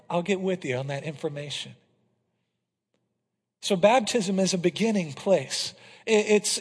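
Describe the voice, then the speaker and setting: A male pastor preaching a passionate sermon to his congregation, swinging from loud declarations to hushed, intense moments. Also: high voice. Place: church hall. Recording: reverberant hall.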